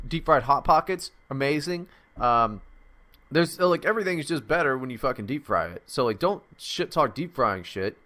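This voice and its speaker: A man's voice: fairly high pitch, sharp tone. A man co-hosting a podcast, rambling and profane, riffing in casual comedic bits. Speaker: podcast co-host.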